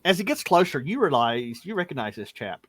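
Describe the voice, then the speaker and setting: A man's voice: on the high side, big pitch swings, fairly quick, background noise. A man narrating a tabletop game as game master, often stumbling and repeating words.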